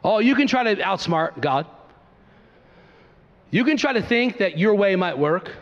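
A man's voice: sits high, animated, measured pace. A pastor in his thirties preaching a sermon in a church with emphatic, repeated phrases. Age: 30s. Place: church sanctuary. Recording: reverberant church hall, dull sound.

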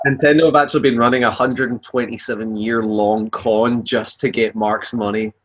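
A man's voice: medium pitch, fairly even intonation, moderate pace, lo-fi sound. A young man co-hosting a casual gaming podcast, teasing and joking with his friends. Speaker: podcast co-host.

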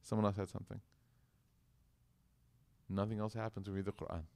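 A man's voice: on the low side, level tone, fairly quick, darkish tone. A man teaching a religious class, talking casually and asking the students questions as he goes. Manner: conversational, asks the class questions. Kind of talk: interactive class lecture.

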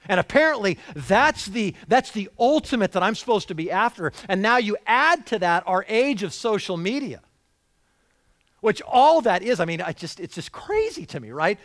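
A man preaching a sermon as a church pastor, animated, with frequent restarts and acted-out quotes. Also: high-pitched, normal speed. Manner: animated, voices quotes with rising emphasis and repeated restarts. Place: church sanctuary.

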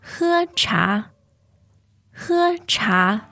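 A woman's voice: a little high, very animated, extremely slow, pushed and bright, no room sound, soft background music. A woman co-hosting a language lesson, patiently modeling words with careful repetition. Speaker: Mandarin lesson co-host. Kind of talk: slow model pronunciation.

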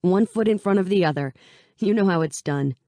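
A woman's voice: fairly low pitch, brisk, warm tone, no room sound, clean studio sound, voice pushed up, natural voice. A woman voicing a cheerful, teasing young male soldier in an audiobook, joking and easygoing. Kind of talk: audiobook character voice.

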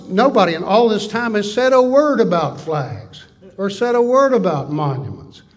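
Older guy giving a folksy talk, kinda husky, voice sits a bit high. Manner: folksy, animated storytelling with list-like riffs. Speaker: conference speaker. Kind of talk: conference talk. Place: conference hall.

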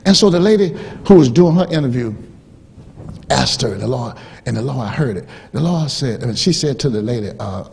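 Lively preaching man, rising to shouts. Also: medium pitch, normal speed, vocal fry, husky. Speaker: pastor. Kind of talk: sermon. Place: church.

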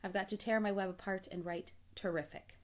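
A woman's voice: medium pitch, fairly even intonation, brisk, natural voice. Charlotte the prim spider, a woman reading. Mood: brisk. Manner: crisp, precise, a little tart. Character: wise, bossy female spider leading a meeting. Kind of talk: storybook reading.

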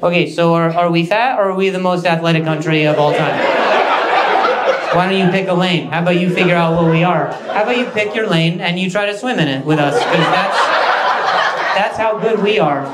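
A man's voice: sits high, a little fast. A man doing a stand-up comedy set on a club stage, ranting brashly and stuttering now and then. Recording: roomy club with loud noise.

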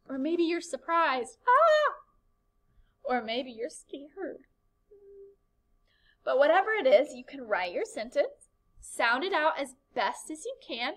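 A woman teacher gives a recorded writing lesson to young children, upbeat and encouraging as she asks the class questions. Her voice sits high with a fairly bright tone, and the recording is rough.

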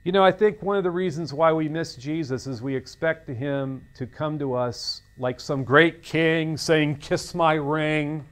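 A man's voice: a little high, smooth. A man teaching a seminary Bible lecture in an earnest, conversational way with emphatic asides.

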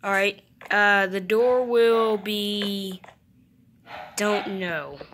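A woman's voice: mid-range voice, drawn-out words, fairly bright tone, slight background noise. A young woman giving chatty, playful gameplay commentary, talking to the animals in her game. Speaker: gamer.

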